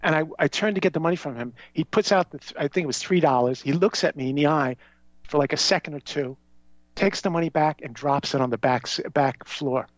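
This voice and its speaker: A man telling a winding, tangent-filled story as a guest, with a voice that sits a little higher than usual for a man. The sound is dry and close, and the recording is a bit dull and lo-fi. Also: brisk, dry recording. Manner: animated, tangential, conspiratorial storyteller. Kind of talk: rambling conversational storytelling.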